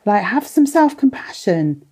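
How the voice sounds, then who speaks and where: A woman in her thirties or forties hosts a parenting workshop on a live stream. She talks in a chatty way and answers viewers by name while she reads their comments. Her voice is mellow and sits at a middle pitch. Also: big pitch swings, a little slow, husky.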